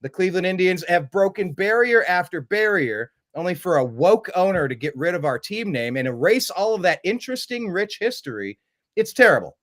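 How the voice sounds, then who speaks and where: A man hosting a casual sports chat, animated and quick to mimic other voices in his stories. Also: sits high. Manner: animated, jumps into mocking voices. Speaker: host.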